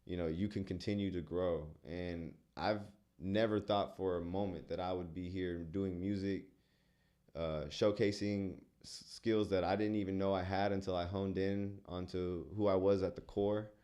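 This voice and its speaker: A young man from San Antonio with a very deep, low voice speaks as a guest musician. He talks in an earnest, reflective way, often pausing on fillers as he explains his craft. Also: steady tone, mellow. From San Antonio, Texas. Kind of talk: casual interview chat.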